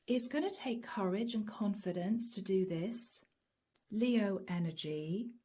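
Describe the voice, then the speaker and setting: A woman giving a channeled tarot reading, soft and emotional, often dropping to a whisper. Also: medium pitch, expressive, slow, breathy edge. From Europe. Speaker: tarot reader.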